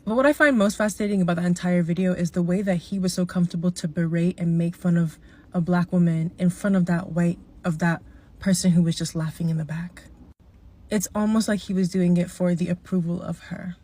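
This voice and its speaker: A woman's voice: fairly low pitch, fairly even intonation, a little fast, a little mellow. A woman giving earnest, reflective reaction commentary on a video.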